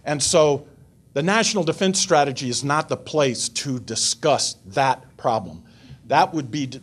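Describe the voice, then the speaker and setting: An older man giving a talk to a forum audience. He tells stories with life in them, acting out the people in them, and his voice sits at a middling pitch. He goes on to take questions from the room. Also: slightly rough. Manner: animated storyteller, voices characters in his anecdote. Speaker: guest speaker at a foreign affairs forum. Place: lecture room before an audience.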